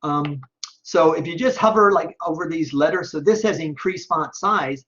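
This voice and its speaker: A man teaching an online class, talking step by step through a screen-recorded software tutorial and checking in often with "okay?". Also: a little high, moderate pace, dull audio. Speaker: online instructor.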